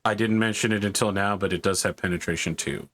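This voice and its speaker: A man's voice: on the low side, steady tone, quick pace, fairly bright tone. A man running a tabletop game as game master, narrating the action and chatting casually through the rules. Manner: casual, chatty, thinks aloud about rules.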